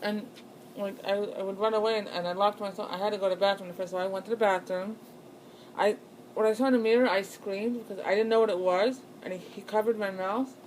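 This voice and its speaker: A woman's voice: mid-range voice, fairly even intonation, fairly quick, a little mellow, slight background noise, rough recording. A young woman telling a personal ghost story in a casual, rambling way, full of fillers and restarts. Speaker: channel host.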